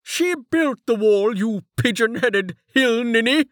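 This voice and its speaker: A man reading aloud, voicing an irate short town mayor who shouts and scolds. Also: extremely high pitch, moderate pace, dry recording, clean studio sound, voice pushed up. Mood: furious.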